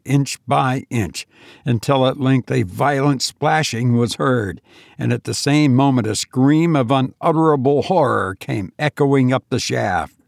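Storyteller, male, measured and slow, gravelly tone, dry close sound. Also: mid-range voice, no room sound. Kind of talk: scripted narration.

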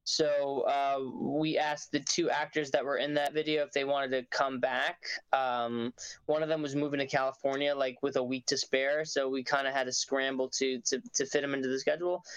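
A man from a band talking casually, halting with many restarts and fillers. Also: medium pitch, fairly even intonation, clear, resonant tone, rough recording. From New York. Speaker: band member. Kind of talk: casual chat.

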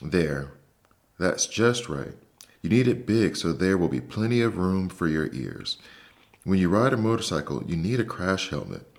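Earnest storybook boy, a bit reproachful, low voice, read by a man. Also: big pitch swings, normal speed, gravelly, full character voice. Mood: eager. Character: earnest young boy, trusting then hurt.

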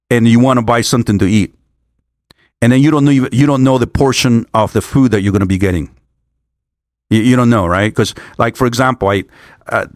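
A man's voice: on the low side, no echo, clean studio sound. Older man rambling with constant restarts. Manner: rambling, halting restarts, frequent swearing. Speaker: vlogger on a work trip. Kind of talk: casual rambling monologue.

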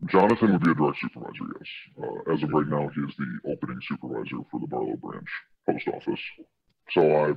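Man, extremely deep, husky, postal worker, matter-of-fact, dull lo-fi recording. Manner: measured, matter-of-fact, hesitant fillers. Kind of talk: undercover-style interview answers. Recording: dull lo-fi video clip.

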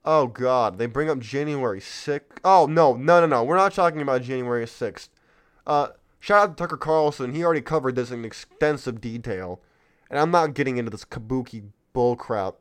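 A man's voice: medium pitch, moderate pace, smooth. A man hosting a political commentary podcast, talking in a heated, sarcastic rant. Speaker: podcast host.

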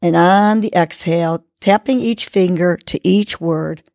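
A woman's voice: on the low side, a little slow, few pauses, a little mellow, no echo. A woman podcast host talks unhurriedly, coaching her listeners through a breathing exercise. Her tone stays encouraging and motivational. The recording is close and dry, with no room sound. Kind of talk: guided breathing and motivational talk.

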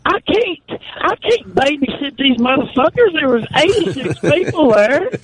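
A man's voice: very high voice, very animated, unhurried, noisy background. A man from North Carolina, calling in to tell a profane story in a blustery, drawling way. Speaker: caller. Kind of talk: phone-in storytelling.

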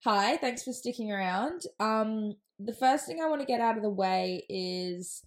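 A woman's voice: mid-range voice, a little slow. Chatty Australian woman with a lisp. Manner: chatty, laughs often, self-deprecating. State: temporary lisp. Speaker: podcast host. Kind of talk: casual solo podcast ramble.

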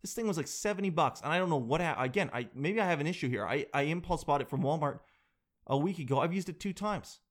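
A man telling a comic story as a comedian, animated and exaggerated, mocking himself. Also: fairly high pitch, fast.

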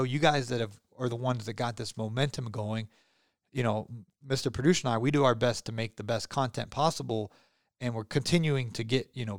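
A man's voice: mid-range voice, no echo. A middle-aged man hosting his podcast, talking in a rambling, upbeat, casual way with lots of fillers, close to the mic. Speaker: podcast host. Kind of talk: casual solo podcast outro.

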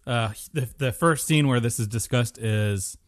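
A man's voice: mid-range voice, measured pace, dry recording. A man co-hosting a podcast, chatting casually with wry, dry jokes. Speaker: podcast co-host. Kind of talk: casual chat recapping a TV show.

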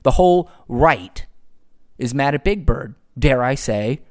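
A man's voice: mid-range voice, expressive, measured pace. A man hosting a solo podcast, ranting sarcastically with frequent profanity. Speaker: podcast host.

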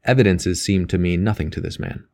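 A man narrating an audiobook in a measured, steady way. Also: low voice. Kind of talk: audiobook reading.

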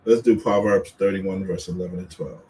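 Man, very deep voice, husband in a casual couple's chat, earnest with playful teasing, faint ambience. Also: steady tone, a little fast, dark tone, slight background noise, poor audio. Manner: earnest, plays the quotes of both spouses in a raised voice. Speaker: co-host, husband.

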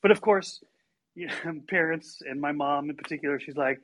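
A man telling a story in casual chat, animated and acting out the quotes. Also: fairly high pitch, moderate pace, poor audio. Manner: animated, acts out quotes with big voice shifts.

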